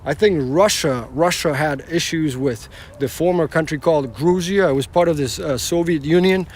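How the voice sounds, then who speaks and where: A man's voice: fairly high pitch, moderate pace, darkish tone, slight background noise. A man driving for rideshare, telling a story on a casual live stream in a rambling way, restarting often and swearing casually.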